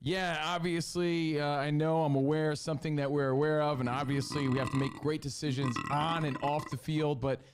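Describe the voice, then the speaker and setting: A man giving opinionated sports talk radio commentary in a measured way. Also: a little high, level tone, noisy background.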